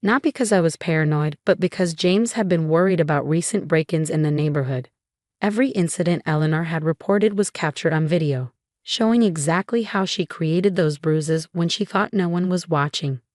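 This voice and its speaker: A woman reading a scripted first-person story as narrator, in an even, measured way. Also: sits low, no echo, studio quality.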